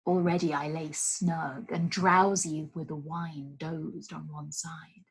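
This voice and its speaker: Woman host, slow poetry reading, husky and soft. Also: low voice, flat delivery, rough recording. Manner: slow, soft, drops to a breathy hush at line ends. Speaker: host of a live storytime call. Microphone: video call.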